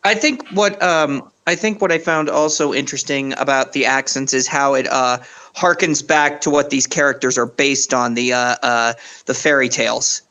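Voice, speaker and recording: A man's voice: mid-range voice, fairly even intonation, moderate pace, sharp tone. A man chatting on a livestream, thoughtful and a bit hesitant with fillers. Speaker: voice actor on the team. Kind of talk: casual livestream chat.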